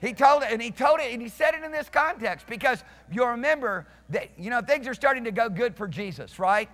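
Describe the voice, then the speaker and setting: A man's voice: very high voice, expressive, brisk, a bit bright. A male pastor preaching a sermon emphatically, restarting phrases and questioning his congregation. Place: church sanctuary. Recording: reverberant church hall.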